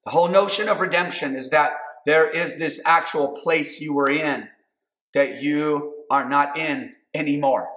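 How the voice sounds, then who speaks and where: A man preaching a sermon, building to shouted calls and asking the congregation to respond. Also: a little high, fairly even intonation, a little slow. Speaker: pastor. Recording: roomy echo.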